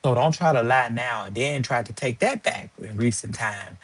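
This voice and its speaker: A man's voice: mid-range voice, expressive, normal speed, husky, no room sound. A man hosting a live stream, ranting in a heated, profane and sarcastic way. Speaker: livestream host.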